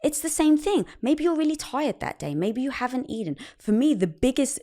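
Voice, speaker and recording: Lively animated woman telling stories. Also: high voice, moderate pace. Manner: animated storytelling, acts out quoted dialogue. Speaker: guest. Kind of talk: casual conversation.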